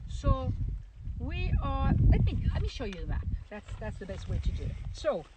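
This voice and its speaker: A woman with a French accent giving a casual video tour of her vineyard, speaking haltingly with many fillers and restarts. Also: high voice, sing-song, heavy background noise. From France. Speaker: winemaker. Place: outdoors at a vineyard.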